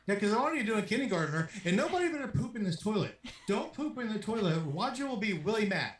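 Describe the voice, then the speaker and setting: A woman voicing an excited little kindergartner who squeals and rushes her words. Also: medium pitch, lightly acted. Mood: giddy. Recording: roomy far-off mic with clear noise.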